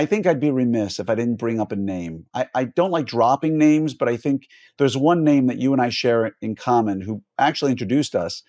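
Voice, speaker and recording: A man hosting an interview podcast, mid-pitched and chatty. He piles on praise and restarts his sentences as he goes. The sound is dry, with no room around it. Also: no room sound. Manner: warm, effusive introductions with fillers. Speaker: podcast host.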